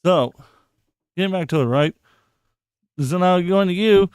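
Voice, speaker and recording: A man's voice: high voice, a little slow, darkish tone, clear, resonant tone, dry recording, clean studio sound. A man hosting a casual live podcast, swearing constantly and mocking the posts he reads aloud. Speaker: podcast host.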